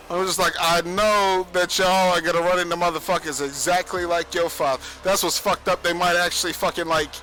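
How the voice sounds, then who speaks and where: A man's voice: high voice, sharp tone, rough recording. A young man rambling casually on a livestream, profane and boastful, laughing often. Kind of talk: rambling casual stream monologue.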